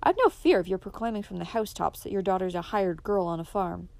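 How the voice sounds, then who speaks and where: Woman reading a gentle, steady young woman, soft and dry, storybook reading. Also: mid-range voice, quick pace, creaky, no echo, natural voice. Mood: pleading. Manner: soft-spoken, calm but firm. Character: quiet, firm young daughter.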